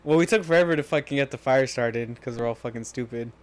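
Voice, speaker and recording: Laid-back young man with an average-pitched voice. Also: quick pace. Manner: laid-back, swearing, chuckling. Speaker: podcast co-host. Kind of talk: casual storytelling chat. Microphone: headphones on, recording the chat.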